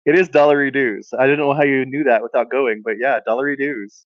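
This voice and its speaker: A man co-hosting a casual podcast, animated and easily amused, sometimes trailing off. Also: medium pitch, fairly quick, no room sound, highs cut off. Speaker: podcast co-host. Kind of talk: casual chat.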